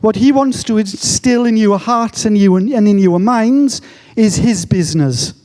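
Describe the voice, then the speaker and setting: High, joking Englishman in a hall. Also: unhurried, warm tone. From England. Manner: joking, self-mocking storyteller. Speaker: speaker. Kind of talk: conference talk. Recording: long hall reverb.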